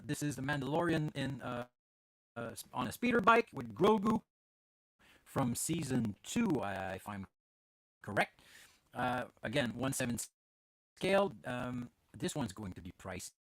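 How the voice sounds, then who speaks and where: A man's voice: medium pitch, big pitch swings, a little slow, pauses often, fairly bright tone, no echo. A man hosting a podcast from home in casual chat, rambling with many fillers and restarts. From Canada. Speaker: podcast host. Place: at home with his dog.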